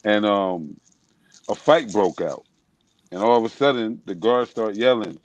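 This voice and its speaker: A man's voice: fairly low pitch, unhurried, no room sound, lo-fi sound. A man in a political discussion telling a personal story, casual and emphatic.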